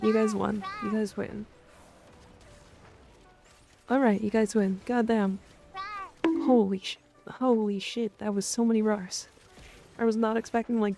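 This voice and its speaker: A woman's voice: medium pitch, vocal fry, dark tone. A woman streamer chatting playfully with her viewers in a casual live stream.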